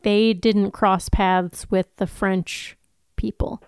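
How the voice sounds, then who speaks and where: A woman's voice: mid-range voice, fairly even intonation, slow pace, smooth, dry recording, studio quality. A woman co-hosting a podcast in casual chat, wry and teasing, questioning how the plot fits together. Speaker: podcast co-host.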